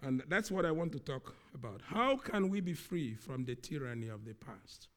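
A man preaching a sermon, speaking slowly and with emphasis, often repeating key words. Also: mid-range voice, very animated.

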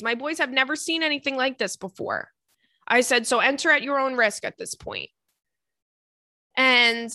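A woman's voice: on the high side, sharp tone, dry recording, studio quality. A young adult woman hosting a podcast, chatting casually and animatedly, with casual swearing. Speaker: podcast host. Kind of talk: casual chat.

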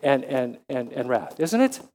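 A man in his seventies preaching a sermon, halting with frequent restarts, then rising to emphatic questions. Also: medium pitch, very animated, darkish tone. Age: 70s. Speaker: lay preacher.

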